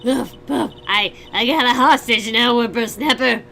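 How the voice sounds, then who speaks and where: A woman voicing a cranky old woman who huffs and puffs and shouts after a boy in a video game. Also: a little high, a little slow, gravelly, heavily acted. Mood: breathless angry. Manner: panting, breathless, shouty.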